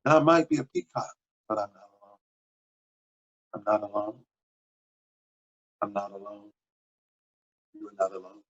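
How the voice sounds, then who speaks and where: Animated husky-voiced man preaching. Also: unhurried, pauses often, lo-fi sound. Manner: animated and exhortative, with sudden high exclamations. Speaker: pastor. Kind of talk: sermon. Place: at home.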